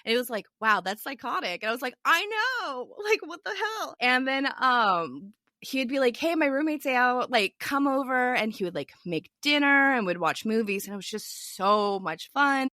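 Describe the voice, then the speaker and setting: Young woman podcast guest, animated storyteller, bright tone, dry close sound. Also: a little high, moderate pace, dry recording. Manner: animated storyteller, quotes others in a lively voice. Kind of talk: casual storytelling chat.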